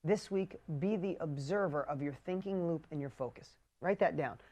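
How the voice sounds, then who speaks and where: A man coaching a live online group in an emphatic, punchy way, swearing casually and swinging between loud urging and quiet intensity. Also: on the high side, moderate pace. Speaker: business coach. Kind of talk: motivational coaching livestream.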